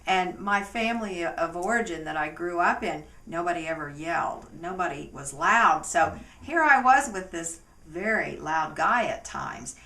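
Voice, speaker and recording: A woman's voice: fairly low pitch, lively intonation, normal speed, hardly any pauses, pushed and bright, echoey room, far from the mic. A woman, a relationship coach co-hosting with her husband, talking to camera in a friendly, casual way.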